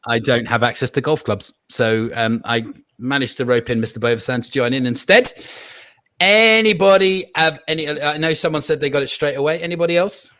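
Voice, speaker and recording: A man with a bright, forceful voice hosts a relaxed quiz chat over a video call. He jokes, laughs often and lets his asides drop almost to a mutter. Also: medium pitch, a little fast, dry recording. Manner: jokey, laughing, trailing off into quiet asides. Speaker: quiz host.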